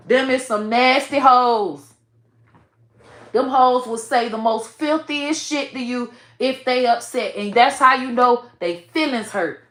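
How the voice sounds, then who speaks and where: A woman giving blunt, profane commentary with sudden loud outbursts. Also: sits high, reverberant. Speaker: online commentator. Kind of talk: casual commentary.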